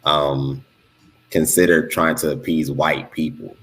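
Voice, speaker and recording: Very deep-voiced, hesitant man. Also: fairly even intonation, takes it slowly, a bit bright, a little hiss or hum. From Los Angeles. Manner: hesitant, questioning. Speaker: podcast co-host. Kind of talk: casual discussion.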